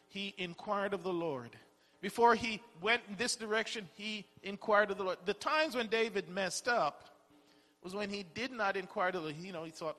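A man's voice: high voice, sharp tone. A man preaching a sermon in a conversational way, asking rhetorical questions and often repeating words as he goes. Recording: long hall reverb.

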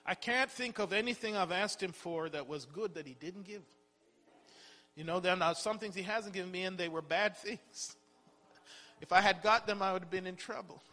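A man delivers a sermon in a high, bright voice. He preaches conversationally, asking rhetorical questions and repeating words as he builds his points. The voice rings out with a long reverb, as if in a large hall. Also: moderate pace.

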